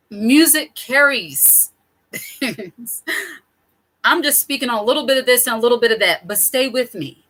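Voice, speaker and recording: Woman, middle-aged, talkative vlogger, laughs often, fairly high pitch, bright tone. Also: lively intonation, unhurried, pauses often, rough recording. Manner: chatty, digressive, laughs often. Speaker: channel host. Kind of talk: casual advice talk to camera.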